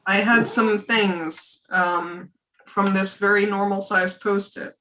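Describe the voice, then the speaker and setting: A woman hosting a podcast in casual chat, searching for words with many halting restarts. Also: medium pitch, fairly even intonation, sharp tone. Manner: halting, full of fillers and restarts. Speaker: podcast host.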